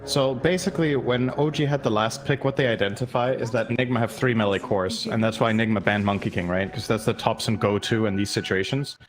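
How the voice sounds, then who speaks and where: A man's voice: lowish voice, steady tone, a little fast, few pauses, over music. A man commentating an esports match live, breaking down plays analytically and thinking aloud. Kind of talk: casual live game commentary.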